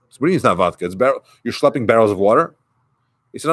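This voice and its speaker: A man's voice: mid-range voice, expressive, very fast, no echo. A man who is a rabbi, giving a conversational sermon and retelling a story with quoted dialogue.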